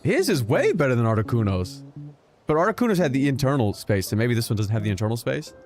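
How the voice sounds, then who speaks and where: A young man streaming a game, giving casual commentary that is joking, animated and full of swearing. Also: medium pitch, fast. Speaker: gaming streamer. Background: game music.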